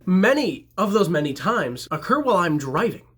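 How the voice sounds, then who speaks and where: Man for a comedic story-time vlog, self-mocking delivery, bright slightly husky voice, highish pitch. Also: sing-song, normal speed.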